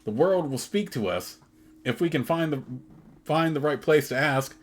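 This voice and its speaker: A man's voice: on the high side, expressive, moderate pace, voice pushed up. A man voicing a zealous, endlessly optimistic male pilgrim leader as he reads a video game's dialogue aloud, earnest and pleading.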